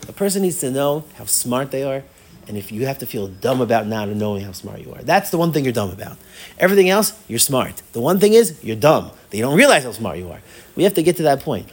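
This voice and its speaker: A man's voice: mid-range voice, big pitch swings, quick pace. A man teaching a Torah class as a rabbi, with playful, self-mocking humor and words he often repeats as he thinks aloud. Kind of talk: animated Torah lecture.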